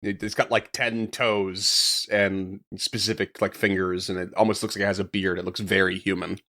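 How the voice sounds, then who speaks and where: A man's voice: low voice, flat delivery, moderate pace, sharp tone. A man co-hosting a podcast in casual chat, easygoing, laughing often and hedging with fillers. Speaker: podcast co-host.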